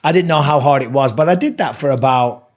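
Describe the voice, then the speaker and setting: A man's voice: medium pitch, a little fast. English guy, middle-aged, chatty storyteller, swears a lot, casual podcast talk. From England. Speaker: guest, former fighter and commentator. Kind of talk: casual chat.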